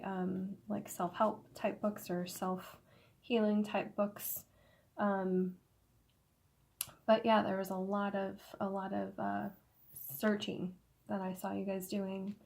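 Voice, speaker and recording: A woman gives a casual tarot reading in a voice gone slightly hoarse. Her speech is halting and full of fillers, broken by soft laughs. Her pitch sits in an ordinary middle range. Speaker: tarot reader. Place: indoor room with incense smoke.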